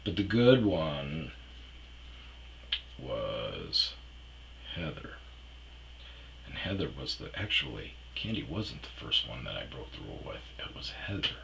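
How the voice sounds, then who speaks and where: A man's voice: very deep voice, very animated, measured pace, vocal fry, pauses often, sharp tone, a little hiss or hum, rough recording. A man telling a rambling personal story in a casual, profane way, trailing off with fillers. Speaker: storyteller host.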